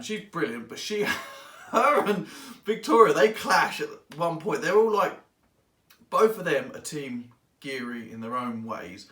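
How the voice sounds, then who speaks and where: Casual male reviewer, rambly and animated, recorded in an echoey room. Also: mid-range voice, distant mic. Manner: rambling and excitable, acts out characters in quotes. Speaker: book reviewer. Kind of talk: casual spoken book review. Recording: echoey room, voice away from mic.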